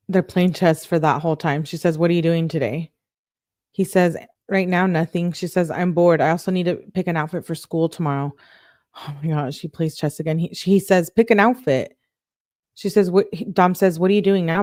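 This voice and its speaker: A woman's voice: on the low side, fairly even intonation, normal speed, darkish tone, no echo, studio quality. A woman reading out a couple's text messages one by one, adding exasperated comments of her own between them. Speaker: true-crime commentator.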